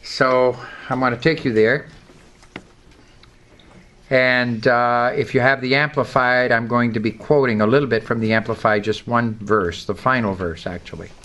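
A man's voice: medium pitch, fairly even intonation, moderate pace, fairly bright tone. A male pastor giving a sermon, reading scripture and leading the congregation in call-and-response. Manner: emphatic preaching, leads call-and-response.

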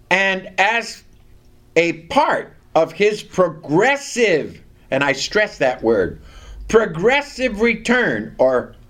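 A man preaching a sermon, reading scripture aloud and leading the congregation to repeat lines after him, stressing key words deliberately. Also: high-pitched, a bit bright.

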